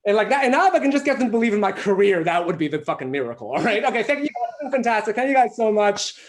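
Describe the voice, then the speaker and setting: A man doing stand-up comedy over a video call from home, telling a story in an animated, self-mocking way and swearing freely. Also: high voice, rapid-fire.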